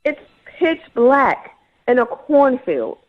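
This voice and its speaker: A woman's voice: high voice, slow pace. A woman calling in to a radio show, indignantly retelling a bad date. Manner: indignant, animated storytelling. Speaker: caller. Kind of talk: heated radio call-in. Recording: lo-fi phone line.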